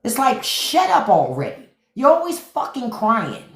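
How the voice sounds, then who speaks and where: A woman's voice: fairly high pitch, wildly swooping pitch, measured pace, echoey room. A woman hosting a live stream, ranting about politics to her chat in a profane, sarcastic, mocking way. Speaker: podcast host on a live stream. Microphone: phone.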